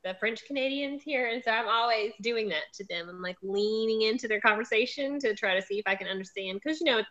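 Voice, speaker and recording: A woman's voice: on the high side, fairly quick, fairly bright tone, highs cut off. A woman with a Southern US accent hosting an interview in casual chat, chatty and laughing often over a video call. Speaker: host.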